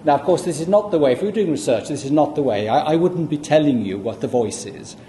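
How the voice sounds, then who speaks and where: A man giving a public lecture, explaining at a measured pace with asides to the audience. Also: a little high, lively intonation, warm tone, slight background noise. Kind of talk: public lecture with audio playback. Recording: echoey room, faint ambience.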